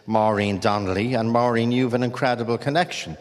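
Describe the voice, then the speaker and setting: A man's voice: mid-range voice, steady tone, a little fast, darkish tone, in a large hall. A man presenting a live show in a chatty, upbeat way. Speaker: radio presenter.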